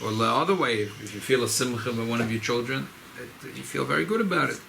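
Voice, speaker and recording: A rabbi, speaking informally at a farbrengen gathering, often repeating and restarting phrases. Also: male voice, medium pitch, lively intonation, fast talker, vocal fry, pushed and bright, a little hiss or hum, rough recording. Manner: repetitive, restarts phrases, mixes Yiddish and Hebrew terms. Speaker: rabbi giving a farbrengen talk. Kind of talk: informal Chassidic talk at a gathering.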